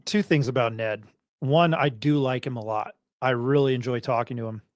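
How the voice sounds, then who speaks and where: A man's voice: mid-range voice, moderate pace, no room sound. Man, sports show host, upbeat, chatty, jokey, dry close sound. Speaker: podcast host. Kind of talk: casual sports talk show.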